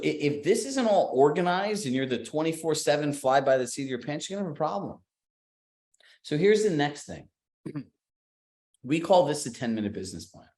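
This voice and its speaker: A man's voice: medium pitch, a little mellow, reverberant. A man giving a coaching seminar talk to real estate agents in an emphatic, conversational way. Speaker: business coach.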